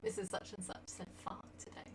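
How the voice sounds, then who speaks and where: A woman's voice: a little fast, in a whisper. A woman with an English accent co-hosting a casual chat, talking in an easygoing, rambling way. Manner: easygoing, rambling, laughs easily. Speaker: co-host of a dance channel Q&A. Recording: distant mic with background noise.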